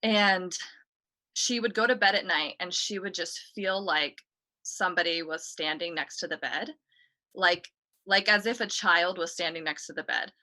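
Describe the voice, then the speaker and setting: A woman with a lower-pitched voice and a bright, forward tone. She tells a story as a guest on a talk show. Her delivery is casual and chatty, and she keeps dropping in "like" and "you know". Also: moderate pace. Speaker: guest telling a ghost story.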